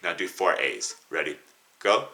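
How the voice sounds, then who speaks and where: A man's voice: sits low, very animated, unhurried, over loud music. A man teaching a beginner flute lesson, patiently coaching students, counting them in and singing note names and tonguing syllables.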